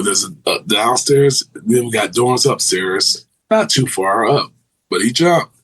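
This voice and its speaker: A former corrections officer tells vivid stories in a casual interview, animatedly acting out the voices of people he quotes and restarting often. His voice is fairly low with a breathy edge, and the audio is poor.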